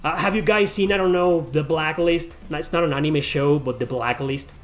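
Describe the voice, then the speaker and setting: A man's voice: a little high, normal speed, soft background music. Heated, swearing man ranting. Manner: heated, profane, repeats himself. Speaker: YouTube host. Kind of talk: ranting to camera.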